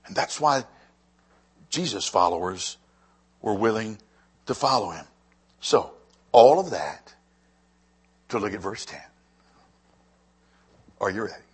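A man preaching a sermon to a congregation, swinging between quiet stretches and loud, fervent rises. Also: on the low side, animated, takes it slowly, long pauses, slightly rough. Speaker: pastor.

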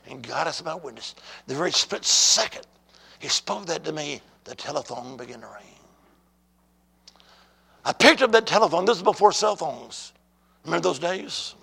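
A male preacher with a high voice and a heavy gravelly rasp delivers a sermon to a congregation. He tells his story dramatically and keeps calling on the church to answer him. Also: moderate pace, a bit bright. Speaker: pastor.

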